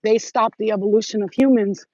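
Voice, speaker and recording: A woman talking straight to her viewers in a rambling, excitable, profane monologue full of street slang. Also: medium pitch, fairly quick, no echo, highs cut off. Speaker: spiritual vlogger.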